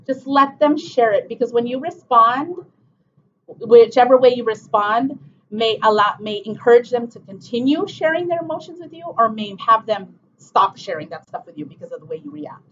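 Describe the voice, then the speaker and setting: Speaking at a moderate pace with an expressive, somewhat high voice, a middle-aged woman runs a parent workshop, chatting casually, leaning on "okay" and "um," and voicing quotes from parents and children. Slight background noise comes through the dull, lo-fi room sound.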